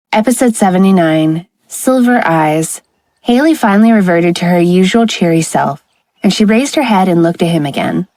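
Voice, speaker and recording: Woman, audiobook narrator, steady scripted storytelling, lowish voice, dry close mic. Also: dry recording, poor audio.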